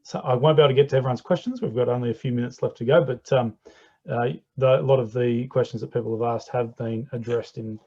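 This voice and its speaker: A man hosting an online forum, hesitant and friendly with frequent pauses. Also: medium pitch, steady tone, a little mellow. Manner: hesitant, many fillers, friendly. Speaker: forum host. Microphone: video call. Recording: dull lo-fi video call audio.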